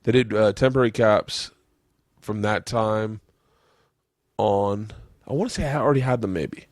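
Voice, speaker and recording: A man hosting a podcast, telling a story in casual chat, animated and swearing, his voice jumping up when he quotes himself. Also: fairly low pitch, normal speed, no echo, studio quality. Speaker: podcast host. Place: room with family around.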